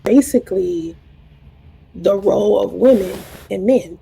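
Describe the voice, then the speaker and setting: Creaky-voiced woman telling a chatty story. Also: mid-range voice, a little slow, crowd noise, low-quality recording. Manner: chatty, rambling, quotes others' lines. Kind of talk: casual storytelling.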